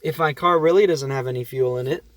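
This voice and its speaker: A man's voice: medium pitch, quick pace, a bit bright, a little hiss or hum. A man reviewing food from his car at a drive-thru, rambling in a self-mocking, jokey way. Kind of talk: comedic vlog monologue.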